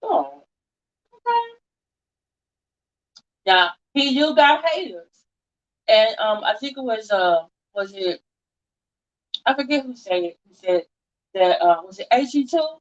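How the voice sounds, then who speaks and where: High-voiced woman chatting on lo-fi audio. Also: sing-song, unhurried, long pauses. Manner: chatty, slangy, talks straight to listeners. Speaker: chat room host. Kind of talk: casual live-audio commentary. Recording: dull lo-fi online audio.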